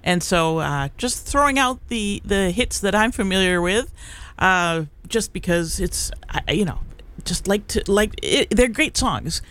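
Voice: medium pitch, animated, measured pace, fairly bright tone. Rambling middle-aged radio DJ. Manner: rambling, chatty, many fillers and restarts. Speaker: college radio DJ. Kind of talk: casual on-air chat between songs. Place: radio studio.

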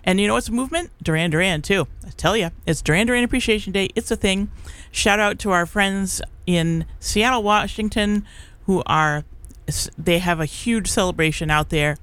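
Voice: mid-range voice, a bit bright, clear, resonant tone. A middle-aged community radio DJ chatting casually on air in the studio. They ramble and restart their sentences often, fill gaps with "uh" and "um", and chuckle easily. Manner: rambling and halting, full of fillers and restarts. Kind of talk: casual live radio chat.

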